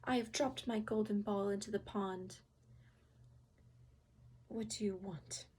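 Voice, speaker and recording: A woman's voice: medium pitch, fairly even intonation, takes it slowly, darkish tone, breathy edge. A woman voicing a spoiled, fickle young princess in a told fairy tale. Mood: scornful.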